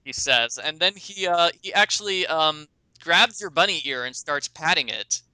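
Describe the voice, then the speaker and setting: A man's voice: on the high side, animated, normal speed, bright, forceful tone, smooth, no echo, poor audio. A man narrating as game master in a tabletop game, rambling with many ums and self-corrections.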